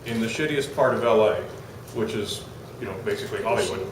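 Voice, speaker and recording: An animated man tells a comic story to a live audience, voicing the people in it. His mid-range voice rings through a roomy hall, picked up from a little way off the mic with a faint hiss behind it. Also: on the low side, quick pace, distant mic. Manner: animated, acts out quotes, laughs while telling. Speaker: storyteller on stage.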